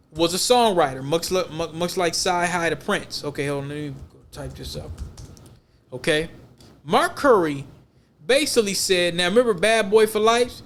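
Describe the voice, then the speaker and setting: Male podcast co-host, high-pitched, casual and rambling, emphatic slang delivery. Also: a bit bright, a little hiss or hum.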